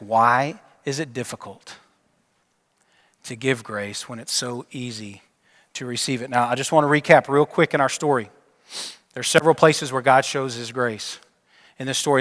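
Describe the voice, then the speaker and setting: A male pastor preaching a sermon and telling a story, his delivery dropping from emphatic to hushed. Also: medium pitch, fairly even intonation, moderate pace. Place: church sanctuary. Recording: long church reverb.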